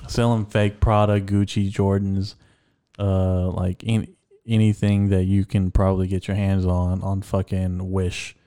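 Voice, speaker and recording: A young man with a low, relaxed, mellow voice rambles through crude stories on a casual podcast. He swears constantly and strings his tales together with filler words. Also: measured pace, smooth. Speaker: podcast co-host. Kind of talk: casual chat.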